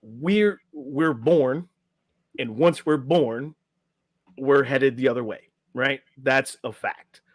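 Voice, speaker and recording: A middle-aged man tells a story with energy and slips into quick voices for the people in it. His delivery sits at an ordinary pitch, and the dry, close recording carries almost no room sound. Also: no room sound. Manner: animated storyteller acting out quotes, filler "right?". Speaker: podcast guest, health and life coach. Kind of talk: casual storytelling interview.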